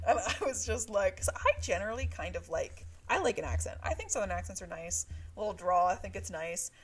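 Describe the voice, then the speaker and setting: A woman talks through a book in an easy, casual chat with her co-host. She laughs often and fills gaps with plenty of fillers. Her pitch sits in an ordinary middle range. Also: expressive, brisk, breathy edge. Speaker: podcast co-host.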